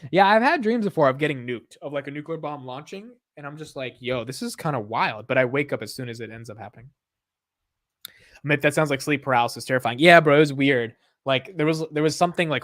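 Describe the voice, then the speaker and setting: A man's voice: medium pitch, fairly bright tone, no room sound. A young male streamer talks loosely into a close mic, rambling and reading comments from his chat. He drops "bro" and "yo" constantly and keeps an easygoing tone. The sound is dry, with almost no room reflection. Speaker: livestream host. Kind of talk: casual livestream chat, reading viewer comments.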